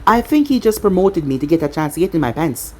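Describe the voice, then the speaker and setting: A wry, tough spy woman, speaking dryly in a storybook reading, as a narrator reads her part. The voice is low and husky, and it rises and falls a great deal. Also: very animated, quick pace, dark tone. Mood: weary.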